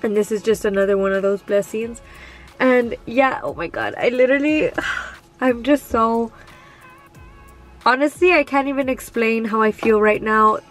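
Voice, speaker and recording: A young woman in her twenties chats to her vlog audience in a gushing, excited way, full of fillers. Her voice sits a little high. Faint music plays underneath. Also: moderate pace. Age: 20s. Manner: gushing, excited, lots of "like" and "oh my god"; sleepy early-morning whisper. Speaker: vlogger. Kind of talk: casual vlog chat.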